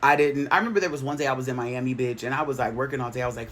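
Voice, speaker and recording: A man hosting a spiritual healing show, talking in a casual, animated, profane and playful way. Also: mid-range voice, racing, hardly any pauses, a little hiss or hum. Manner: animated, profane and playful, acting out quoted voices.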